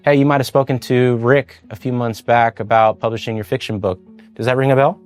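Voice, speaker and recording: A man's voice: mid-range voice, fairly even intonation, brisk, faint music behind. A man leading a sales training talk, coaching in a conversational way and acting out sample call scripts. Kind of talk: sales training talk with role-play demos.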